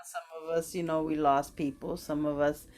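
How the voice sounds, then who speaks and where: A woman's voice: low voice, little pitch movement, normal speed, darkish tone. A woman hosting a casual interview chat, supportive toward her guest. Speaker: host.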